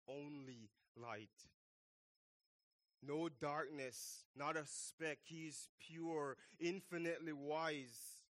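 A man preaching a sermon, slow and emphatic, repeating key phrases for weight. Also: medium pitch, a bit bright.

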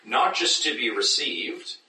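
A man preaching a sermon as pastor, animated, acting out doubters in high mocking voices. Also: unhurried, background noise. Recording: echoey room, mic at a distance.

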